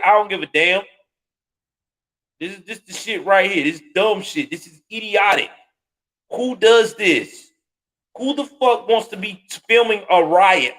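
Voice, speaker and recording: Host, male, high-pitched, profane and scornful ranting with sudden loud spikes. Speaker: commentary show host. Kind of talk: heated live reaction commentary.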